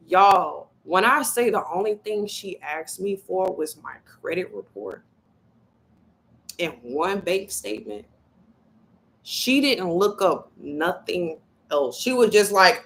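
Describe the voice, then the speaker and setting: A woman with a gravelly, bright voice talks casually to her viewers. She is blunt and full of profanity. She acts out the people in her story with lively voices. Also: mid-range voice, slow pace, rough recording. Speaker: spiritual vlogger. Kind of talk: casual motivational talk to viewers.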